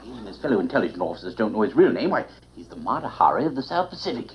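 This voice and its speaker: A blustering British admiral. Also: male voice, fairly low pitch, big pitch swings, rapid-fire, dull audio. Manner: pompous, blustery, throat-clearing. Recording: noisy old TV soundtrack with laugh track.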